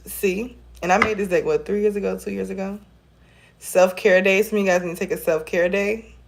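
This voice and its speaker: A woman's voice: medium pitch, fairly even intonation, brisk, vocal fry, slight background noise. A woman giving a casual tarot reading to her viewers, chatty and encouraging, calling them y'all, recorded on a phone camera. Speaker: tarot reader.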